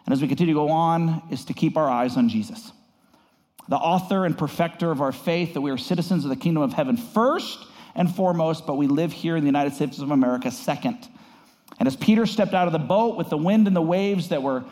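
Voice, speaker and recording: A man pastoring a congregation, giving an earnest devotional message, halting with fillers and rising higher on key words. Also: expressive, a little mellow, in a large hall.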